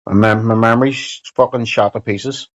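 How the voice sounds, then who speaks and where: A man's voice: on the low side, fairly even intonation, normal speed, dull audio. A man, chatting casually and rambling while live streaming, swearing and joking. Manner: profane, rambling, joking banter.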